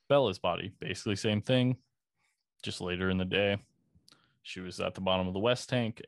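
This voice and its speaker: A podcast host with a low-pitched, fairly bright voice narrates a true-crime case in a casual, conversational manner, throwing in profanity and dry, sarcastic asides. The recording is close and dry, with no sense of a room.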